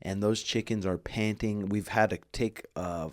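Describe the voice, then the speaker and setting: A man's voice: fairly low pitch, fairly even intonation, a little slow, a little mellow, no echo, clean studio sound. A man telling a story in a casual podcast chat, swearing freely and acting out quoted voices. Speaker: podcast co-host.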